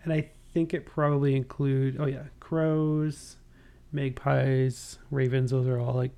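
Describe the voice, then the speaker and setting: Mellow-voiced gentle father. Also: mid-range voice, flat delivery, a little slow, gravelly. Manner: gentle, encouraging, reads out jokes. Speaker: podcast co-host and parent. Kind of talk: casual chat with his child.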